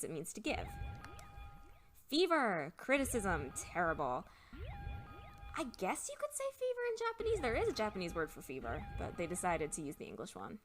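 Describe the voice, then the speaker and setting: A young woman talks through a game at her home computer, chatty and thinking aloud as she checks a dictionary. Her pitch jumps around a lot, with a faint bit of game music underneath. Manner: chatty, thinks aloud while looking words up. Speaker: let's play host. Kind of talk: casual game commentary, explaining Japanese words.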